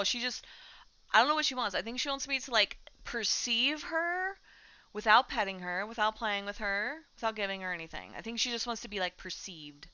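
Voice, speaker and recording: Woman streamer, chatty gaming talk, bright and smooth voice, dull lo-fi mic. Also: mid-range voice. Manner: chatty, talks to her cat while playing. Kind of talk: casual chat while gaming.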